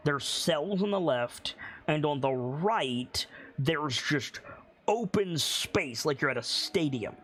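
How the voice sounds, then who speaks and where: Slow, descriptive male game master. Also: a little high, animated, a bit bright, a little hiss or hum. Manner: slow, descriptive, builds scenes piece by piece. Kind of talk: narrating a tabletop game.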